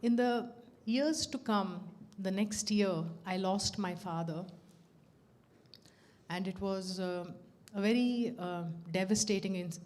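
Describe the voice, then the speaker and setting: A middle-aged woman sharing a personal devotional story, animated and laughing as she acts out the dialogue. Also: medium pitch, takes it slowly. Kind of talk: personal testimony at a devotional gathering.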